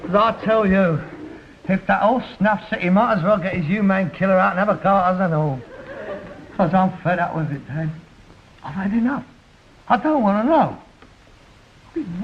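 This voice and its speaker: An actor playing a frustrated grown son from in a radio sitcom, who talks in sarcastic, self-pitying grumbles. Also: male voice, sits high, slightly rough, heavily acted. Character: frustrated grown son stuck in a junk business. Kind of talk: 1960s radio sitcom acting. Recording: dull hissy old radio recording.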